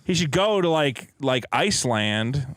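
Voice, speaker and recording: Brief: male podcast co-host from Massachusetts, chatty and wry, lively pitch, dry close mic. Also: measured pace, no room sound. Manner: chatty, laughs easily, wry. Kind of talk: casual chat, reading viewer messages.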